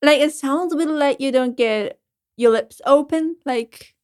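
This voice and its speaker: A woman's voice: sits high, measured pace. A woman guest on a podcast, giggly and giving friendly voice advice. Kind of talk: casual chat.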